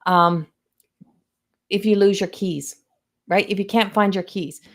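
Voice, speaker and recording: A middle-aged woman talks casually to viewers on a livestream from home, her voice in a middle register. She is chatty and animated and often slips into quoting other people. It sounds like a webcam mic in a home room. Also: medium pitch, measured pace. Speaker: psychic medium hosting a livestream.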